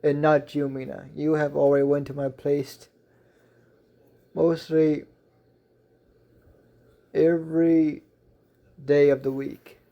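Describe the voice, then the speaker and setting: A man voicing a wealthy, kind teen schoolgirl in a read-aloud fan story, speaking calmly and gently firmly in his own near-everyday voice. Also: on the high side, slow pace, vocal fry, pauses often, lo-fi sound.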